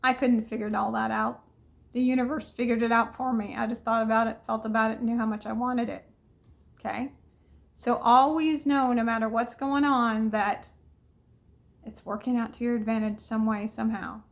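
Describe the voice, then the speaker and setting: A woman's voice: on the high side, fairly even intonation, normal speed, creaky. A woman mentor guiding listeners through a tapping exercise with soothing, repetitive affirmations. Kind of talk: guided tapping session.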